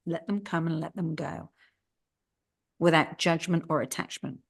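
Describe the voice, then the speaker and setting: Gentle coaching woman, lower voice. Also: unhurried, slightly rough. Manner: gentle, coaching, checks in with "right?" and "yeah?". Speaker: podcast co-host. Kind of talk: casual chat.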